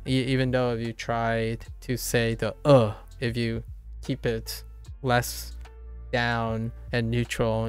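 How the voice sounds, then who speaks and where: A man's voice: mid-range voice, level tone, takes it slowly, clear, resonant tone, soft background music. A man streaming a casual lesson on Japanese sounds, rambling, correcting himself and laughing often. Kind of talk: casual live-stream explanation.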